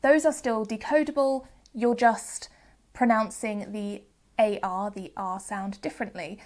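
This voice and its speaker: A woman's voice: on the high side, steady tone, measured pace, a little mellow. A woman with a Southern English accent presenting a phonics lesson, carefully sounding out words. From Southern England. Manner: clear, careful modelling of sounds. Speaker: phonics teacher. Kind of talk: educational video presenting.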